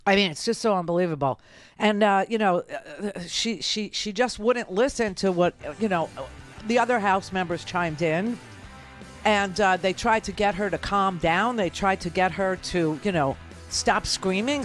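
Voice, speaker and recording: Sarcastic woman radio host. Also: mid-range voice. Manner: sarcastic, combative. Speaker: radio talk show host. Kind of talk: political commentary.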